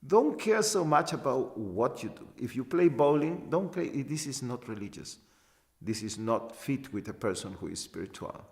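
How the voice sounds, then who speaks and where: A man giving a spiritual talk as a teacher, halting and repeating short phrases for emphasis. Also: medium pitch, big pitch swings, a little mellow. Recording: long hall reverb.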